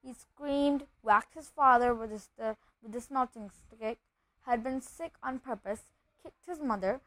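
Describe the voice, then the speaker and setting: A woman reading a children's novel aloud, steady and even, with occasional slips and restarts. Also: a little high, no room sound, rough recording. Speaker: reader.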